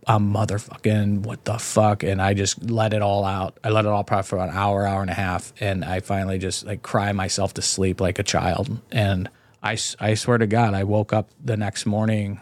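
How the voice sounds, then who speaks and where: A man's voice: lowish voice, flat delivery, fairly quick, no room sound. A man telling his own story as a podcast guest, in a candid, blunt and profane way, with frequent restarts.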